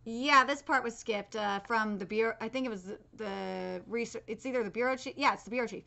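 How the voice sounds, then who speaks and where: High, bright-voiced woman ranting casually. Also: brisk, gravelly, muffled recording. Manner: loose and profane, full of fillers and restarts; reads manga dialogue aloud between comments. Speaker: anime reaction streamer. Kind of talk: live reaction commentary.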